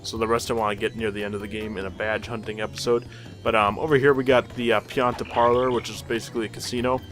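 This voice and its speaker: A man's voice: lowish voice, flat delivery, fast talker, fairly bright tone, faint music behind. A man giving casual, rambling commentary over a video game he is playing. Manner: rambling, loose, lots of fillers and laughs at himself. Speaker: let's play host.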